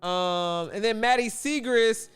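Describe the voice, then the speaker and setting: Soft background music plays as a chatty Chicago host runs a casual sports livestream, responding aloud to what his viewers type. He speaks slowly in a high-pitched voice that's clean in tone and a bit bright.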